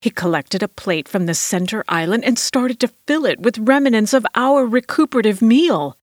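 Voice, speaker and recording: A woman reading a first-person story aloud as an audiobook narrator, with an expressive, dramatic delivery. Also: on the high side, normal speed, no echo, clean studio sound.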